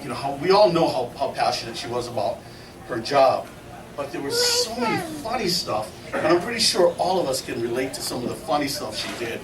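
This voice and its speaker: A loud crowd surrounds this middle-aged man as he speaks briskly at medium pitch, sharing folksy anecdotes with laughter at a memorial and mimicking others' words in lively voices. The setting is a memorial gathering hall and the talk is an informal storytelling eulogy. Audio is captured far off in an echoey room, with plenty of noise.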